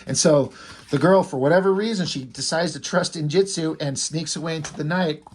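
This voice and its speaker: Husky man recapping his comic. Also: a little high, a little fast. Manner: rambling, loose. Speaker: fan comic creator. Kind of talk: casual story recap.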